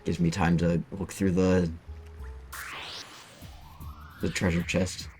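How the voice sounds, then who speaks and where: A man's voice: deep voice, level tone, normal speed, a little mellow, soft background music. A man giving rambling, casual gameplay commentary, cursing freely as he plays. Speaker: streamer.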